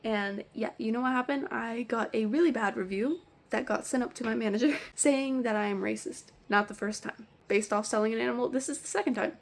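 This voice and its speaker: A young woman telling pet store stories in an animated, exasperated rant, swearing freely. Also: fairly high pitch, fairly quick, vocal fry, few pauses. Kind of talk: storytime rant.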